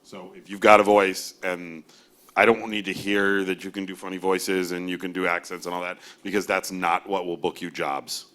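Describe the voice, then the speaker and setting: A man who works as a voiceover agent, speaking bluntly on a panel and telling lively stories. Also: deep voice, normal speed. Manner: blunt, animated storyteller with mimicry. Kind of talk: panel discussion.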